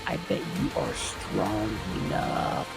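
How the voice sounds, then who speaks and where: A man voicing a lonely ghostly young girl who speaks softly and coaxingly from inside a wall. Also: fairly low pitch, big pitch swings, slow pace, vocal fry, loud music behind the voice, heavily acted.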